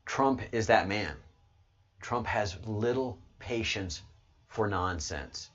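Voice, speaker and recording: An American man hosting his channel in a casual, rambling livestream monologue, excitable and swinging from low mutters to loud outbursts. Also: slow pace, lo-fi sound. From United States. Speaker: channel host.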